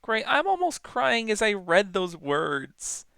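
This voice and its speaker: A woman's voice: mid-range voice, big pitch swings, slow, creaky, clear, resonant tone, no echo. A woman streamer reacting casually to a game during a live playthrough. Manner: chatty, amused reactions. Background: loud game music.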